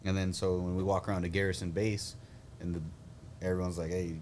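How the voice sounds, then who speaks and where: A man's voice: sits low, little pitch movement, a little fast, a little mellow, a little hiss or hum. A young man, an Army veteran hosting a casual chat, telling blunt, profane stories with a laugh. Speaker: podcast host, Army veteran.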